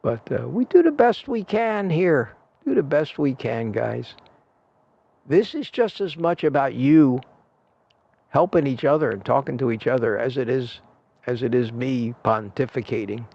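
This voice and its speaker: Older male stream host, gravelly, chatty and meandering; muffled home-desk recording. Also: mid-range voice, lively intonation, unhurried, dark tone. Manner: reads chat aloud, thanks viewers, rambling. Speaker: livestream host. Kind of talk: casual livestream chat.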